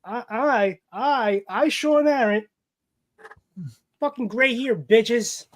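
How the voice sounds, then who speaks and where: A man's voice: very high voice, takes it slowly, a crowd in the background. A man co-hosting a comic book podcast, brash and teasing, swearing freely. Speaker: podcast co-host. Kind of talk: casual chat about comics.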